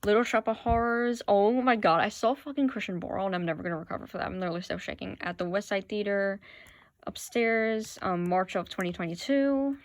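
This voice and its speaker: A woman's voice: mid-range voice, brisk, no room sound. A woman chatting casually into her phone, gushing with fan enthusiasm as she shows off her collection. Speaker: vlogger showing her playbill collection. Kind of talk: casual chat to camera.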